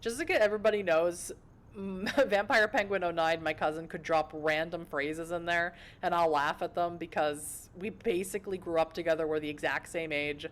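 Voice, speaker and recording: A woman's voice: fairly low pitch, normal speed. A young woman streaming a story game, reading it aloud with giggly, self-mocking asides.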